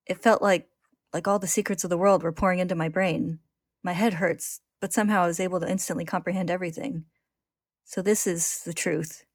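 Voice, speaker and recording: A woman's voice: lowish voice, steady tone, fairly quick, dry recording, studio quality. Woman voicing Edward Elric, desperate teenage boy. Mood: pleading. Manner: pleading, urgent, anguished.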